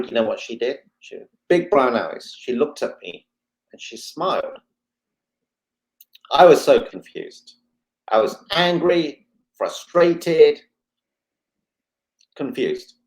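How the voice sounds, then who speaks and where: A man, a guest on a talk show, telling a personal story with lively, dramatic retelling and quoted dialogue. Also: fairly low pitch, vocal fry, rough recording. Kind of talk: emotional storytelling.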